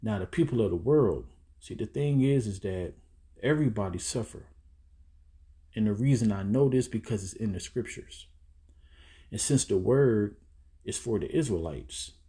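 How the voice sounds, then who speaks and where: A man with a low, mellow voice preaches in a relaxed, conversational way. He reads scripture aloud and then breaks it down in plain street talk for his listeners. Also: normal speed. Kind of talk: casual sermon. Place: indoors, seated.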